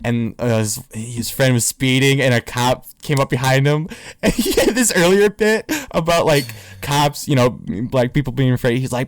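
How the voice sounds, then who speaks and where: A man's voice: mid-range voice, expressive, moderate pace, no room sound. A young man chatting on a podcast, rambling through a story and breaking into laughter along the way. His voice sits in the middle range and sounds dry and close, with no room around it. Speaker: podcast co-host. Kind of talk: casual chat.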